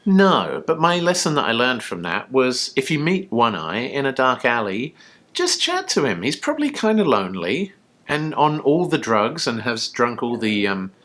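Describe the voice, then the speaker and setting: Animated rambling man from the UK. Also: medium pitch, normal speed. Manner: rambling, storytelling, jokey. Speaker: co-host. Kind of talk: tipsy casual chat.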